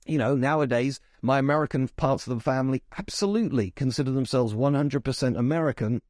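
A man's voice: medium pitch, fast, darkish tone, no echo, clean studio sound. A man from England giving a casual spoken film review, chatty and full of asides and restarts.

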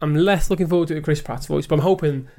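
A man's voice: on the high side, racing, dark tone. A man co-hosting a podcast, chatting casually and calling his co-host "mate". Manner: chatty, says "mate" a lot. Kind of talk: casual chat.

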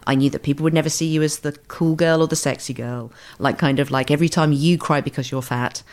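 Lively woman acting out voices. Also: low-pitched, fast. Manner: lively, acts out quoted voices. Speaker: guest writer. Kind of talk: animated podcast chat.

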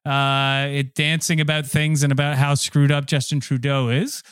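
Deadpan comedy podcast host, smooth voice. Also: male voice, fairly high pitch, normal speed, dry recording. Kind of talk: comedic list segment.

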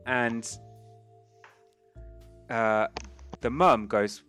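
A man runs a tabletop role-playing game, narrating in a chatty, rambling way full of fillers and laughs. His voice is bright and crisp, sitting a little low. Faint music plays behind him. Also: unhurried. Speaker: game master.

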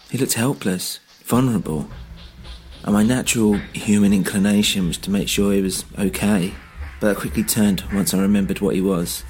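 A man narrating a dark first-person story in a measured, grave way, with dramatic pauses. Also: fairly low pitch. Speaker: narrator and podcast host.

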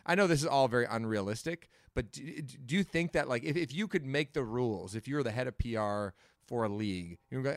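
A man's voice: medium pitch, fairly quick, no room sound, studio quality. Rambling man hosting a chat. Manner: rambling, many fillers and restarts. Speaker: podcast host. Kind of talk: casual chat.

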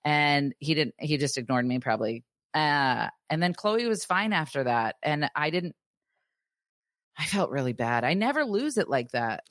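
A woman in her thirties, a podcast co-host, talking candidly in casual chat with quick asides. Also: low voice, lively intonation, a bit bright, no room sound, studio quality.

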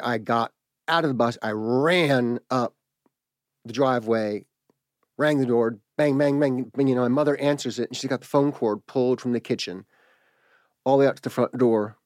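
A man telling a personal story in a halting, reflective way, pausing and restarting as he searches for words. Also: medium pitch, dry recording, clean studio sound.

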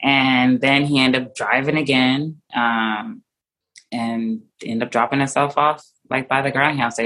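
A young woman with a strikingly deep, low voice tells a painful personal story in conversation. She speaks haltingly, full of fillers and restarts, often going soft and trailing off as she searches for words. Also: steady tone, rough recording. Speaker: interview guest.

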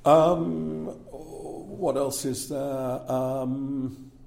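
A man's voice: fairly high pitch, fairly even intonation, drawn-out words, gravelly, a little mellow. A man working as a speaker agent, talking casually in an interview and checking in with "yeah?" between fillers.

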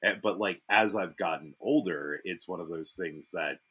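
Very deep husky-voiced podcast guest. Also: male voice, normal speed, sharp tone. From Virginia and Alabama, then Boston area. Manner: laid-back, swears freely, laughs easily. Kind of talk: casual podcast chat.

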